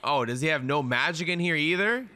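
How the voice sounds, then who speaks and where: A young man streaming a live anime reaction, excitable and slangy, swearing often as he comments. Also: a little high, brisk.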